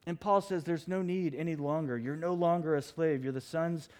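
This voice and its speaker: A middle-aged man preaching a sermon in a church, telling stories with animated, acted-out outbursts. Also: fairly high pitch, normal speed. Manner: animated storytelling, acts out his own shouts. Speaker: pastor.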